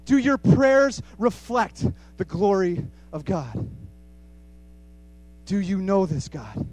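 A man preaching a sermon with passion, repeating phrases for emphasis and swinging between hushed and loud. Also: sits high, big pitch swings, slow, no room sound.

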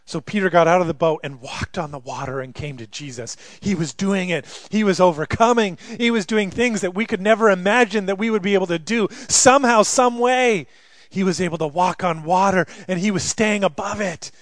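A man preaching with a notably high voice. His delivery is impassioned, swelling into loud pleas and sinking to near hushes. The sound is close and dry, with no room around it. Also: brisk, few pauses, dry recording. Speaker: pastor. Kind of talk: sermon.

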